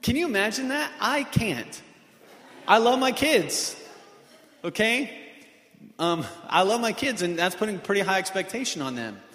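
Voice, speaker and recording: A man's voice: high-pitched, very animated, measured pace, pauses often, a bit bright. Male preacher in an echoey hall. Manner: earnest, many rhetorical questions. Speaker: pastor. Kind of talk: sermon. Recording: echoey hall with long reverb.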